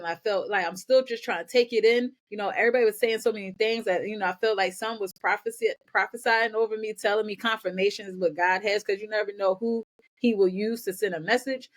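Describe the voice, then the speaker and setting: Energetic woman telling her story. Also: medium pitch, fairly quick. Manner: energetic, repeats words, talks in bursts. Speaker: podcast guest, nonprofit founder. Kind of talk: candid personal storytelling.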